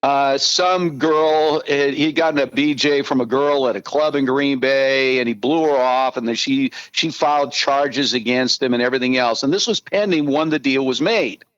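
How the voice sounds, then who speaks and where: A man in his sixties, a podcast guest, telling animated, profane anecdotes in casual talk. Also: medium pitch, moderate pace, hardly any pauses, no room sound, lo-fi sound. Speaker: podcast guest, former team spokesman.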